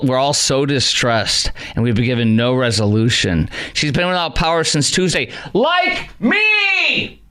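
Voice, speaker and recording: A man's voice: mid-range voice, fairly bright tone. Sarcastic talk radio host, man. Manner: sarcastic, rambling, mocking.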